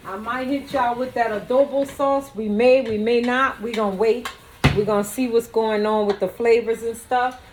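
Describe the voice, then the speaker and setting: A woman's voice: on the high side, slight background noise. A woman cooking in her home kitchen, chatting playfully and talking straight to her viewers. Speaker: home cook and vlogger. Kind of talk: casual cooking demonstration.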